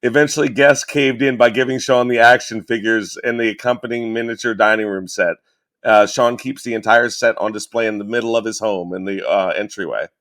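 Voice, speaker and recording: A man co-hosting a podcast in casual comedic chat, crude and excitable. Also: fairly low pitch, brisk. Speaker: podcast co-host.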